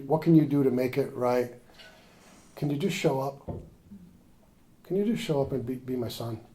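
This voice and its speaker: A man speaking at a recovery workshop, telling his story in a confessional way and acting out the conversations in it. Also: mid-range voice. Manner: confessional, drops to a near whisper in tender moments; animated when acting out conversations.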